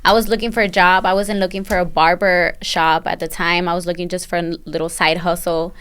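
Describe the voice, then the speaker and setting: A woman who owns a barbershop, a podcast guest, telling her story in a relaxed, rambling way full of fillers. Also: fairly low pitch, a little fast, clean tone. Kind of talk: casual chat.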